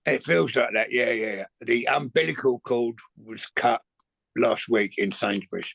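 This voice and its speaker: Rough-voiced guest in his middle years, dry and close, rambling, sweary storyteller. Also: medium pitch, measured pace, fairly bright tone, no room sound. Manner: rambling, restarts often, swears casually. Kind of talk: casual storytelling chat.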